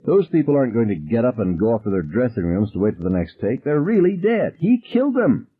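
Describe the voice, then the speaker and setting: Man doing a shrill, panicky teenage boy. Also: wildly swooping pitch, normal speed, breathy edge, exaggerated voice. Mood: tense. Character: frantic cornered teenage boy. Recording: tinny phone-like audio.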